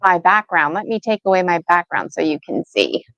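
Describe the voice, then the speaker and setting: A woman's voice: lowish voice, sing-song, fairly quick, fairly bright tone, no room sound. A woman co-hosting a live gemstone reading stream, chatting casually and thinking aloud with fillers. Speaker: co-host and gemstone reader. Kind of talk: casual livestream talk. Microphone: video call.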